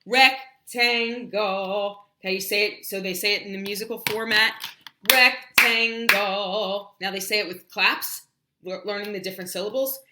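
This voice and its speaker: A woman's voice: medium pitch, steady tone, echoey room, very noisy. A woman teaching English shapes on a livestream, chatty, often singing and stretching out words for children to repeat. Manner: sings and drills words slowly, chatty asides. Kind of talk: animated livestream lesson.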